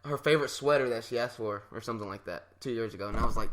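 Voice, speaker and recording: A young man co-hosting a podcast, telling stories in casual chat with lots of laughter and animated swings. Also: mid-range voice, very fast, crowd noise. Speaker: podcast co-host.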